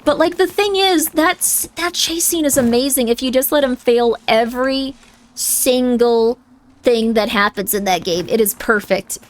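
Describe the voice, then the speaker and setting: A woman's voice: on the high side, measured pace. Rambling woman streamer, lots of likes. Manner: rambling, heavy use of 'like'. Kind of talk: casual gaming livestream chat. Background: faint game music.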